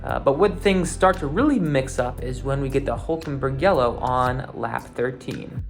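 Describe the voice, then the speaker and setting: A man's voice: medium pitch, moderate pace, music in the background. Casual man recapping a race. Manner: relaxed, loose, many fillers and restarts. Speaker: podcast host recapping a race.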